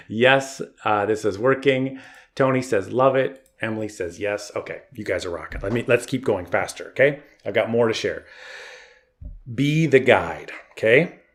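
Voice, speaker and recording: Energetic man coaching a webinar. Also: on the low side. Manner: energetic, encouraging, tough-love coaching; reads chat comments aloud. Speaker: marketing coach. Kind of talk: live webinar teaching. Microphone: online video call.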